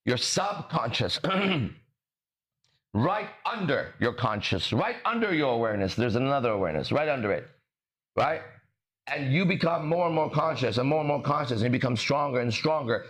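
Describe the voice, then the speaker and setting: Hosting a motivational talk on his podcast, a man speaks emphatically and preachily, swearing and tripping over words while he explains. His medium-pitched voice is expressive and a bit bright, at a normal speed.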